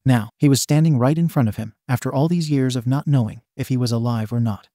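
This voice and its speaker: A man narrating a fan fiction story in a steady storytelling manner. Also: medium pitch, brisk, no echo, studio quality.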